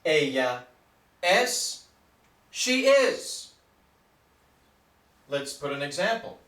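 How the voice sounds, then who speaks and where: A man teaching a basic language lesson, patient and deliberate, spelling words out letter by letter. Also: on the high side, big pitch swings, a bit bright, roomy sound, far from the mic. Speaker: Spanish teacher.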